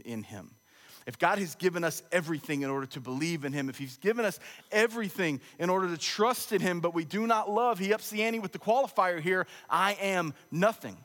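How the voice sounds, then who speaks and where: A man's voice: fairly high pitch, fairly bright tone. Preaching man in a big echoing hall. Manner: conversational, humorous storytelling preacher. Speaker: pastor. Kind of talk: sermon. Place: church sanctuary. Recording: long echo of a large church hall.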